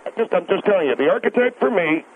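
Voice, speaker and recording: Animated and quick, a high-voiced man calls a radio show for a rambling, insistent rant in which he stumbles over words and repeats himself. The call comes through a tinny phone line carrying a faint hiss.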